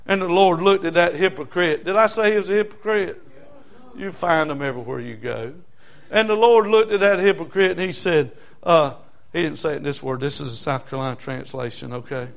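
A man's voice: a little high, moderate pace, gravelly. A male pastor, preaching a folksy, humorous, emphatic sermon to a congregation in church.

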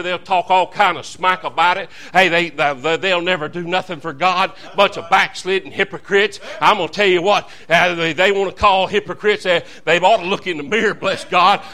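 Fervent preacher man, bright voice. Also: high voice, fairly even intonation, moderate pace, few pauses. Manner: fervent, folksy, calls to the congregation. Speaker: visiting preacher. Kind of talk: revival sermon.

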